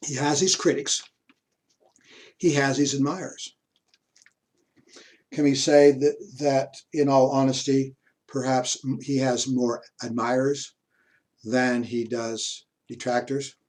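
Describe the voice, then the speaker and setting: A man giving a university history lecture, unhurried, pausing mid-sentence and adding asides. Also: medium pitch, little pitch movement.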